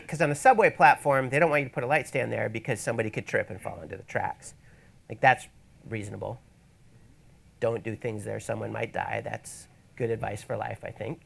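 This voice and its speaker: A man's voice: lowish voice, fairly quick, vocal fry, fairly bright tone. A man presenting a photography workshop in a casual teaching style, with wry, rambling asides, speaking in an event space to an audience. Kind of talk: casual instructional talk.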